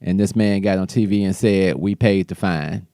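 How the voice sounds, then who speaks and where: Man, low dark voice, loose political commentary, dry close sound. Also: moderate pace, no room sound. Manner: loose, conversational, with restarts. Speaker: show host.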